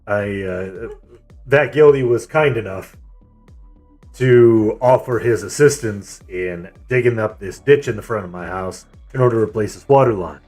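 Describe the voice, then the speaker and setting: A man streaming and leading an online game raid, telling a story and giving calls in a relaxed, rambling way. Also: on the low side, normal speed, soft background music.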